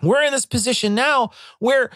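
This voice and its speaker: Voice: mid-range voice, normal speed, dry recording, clean studio sound. A podcast co-host from Illinois in casual chat, telling stories with profanity and acting out what people said. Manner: animated storytelling, profane, acts out quotes.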